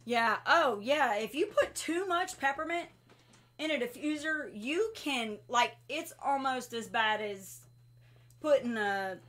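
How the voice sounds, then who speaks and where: Woman host, lively storyteller with a slightly high voice, casual livestream class. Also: takes it slowly. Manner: animated storyteller who laughs often. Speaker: host teaching an essential oils class.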